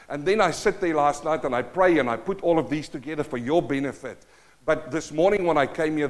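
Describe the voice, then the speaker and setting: In a church, a man delivers an impassioned sermon, swinging from loud exhortation to quiet pleading and firing rhetorical questions at the congregation. His voice sits fairly high.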